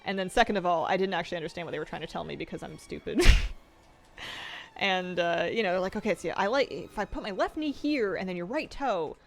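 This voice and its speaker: A woman's voice: lowish voice, fast talker, vocal fry, soft background music. A young woman streaming a game, chatting playfully and rambling with self-deprecating jokes and frequent laughs. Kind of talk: casual stream chat.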